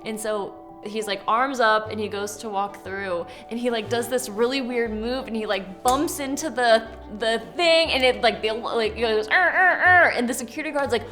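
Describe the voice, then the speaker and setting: A woman's voice: a little high, moderate pace. A woman telling a story casually and animatedly, full of filler words, with music behind her. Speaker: whiskey blender.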